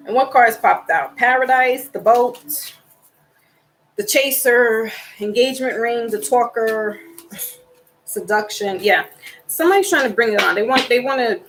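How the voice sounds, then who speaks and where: A woman's voice: a little high, lively intonation, moderate pace, a bit bright, low-quality recording. A woman giving a casual tarot card reading, chatty and rambling as she talks straight to her viewers. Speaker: tarot reader.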